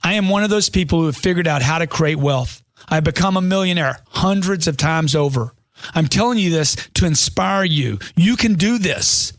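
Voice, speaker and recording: A man's voice: a little high, lively intonation, normal speed, no echo, clean studio sound. A man reading a money self-help book aloud as scripted audiobook narration, in an emphatic motivational way that leans on rhetorical questions.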